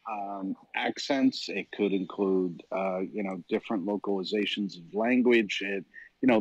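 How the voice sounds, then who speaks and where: A Canadian man co-hosting a tech chat, talking in a relaxed, hesitant way with many fillers. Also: on the low side, dry recording. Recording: dry, dull lo-fi line.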